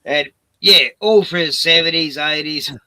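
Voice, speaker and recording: Bright, laughing storyteller man. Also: on the high side, measured pace, poor audio. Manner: swears freely, laughs through anecdotes. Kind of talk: casual chat.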